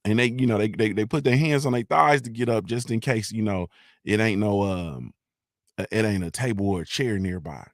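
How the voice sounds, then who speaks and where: A man's voice: on the low side, moderate pace, no echo, studio quality. A middle-aged man from Ohio, by way of Mississippi, hosting a casual live-stream morning show, rambling loosely, repeating "you feel me," and swearing freely.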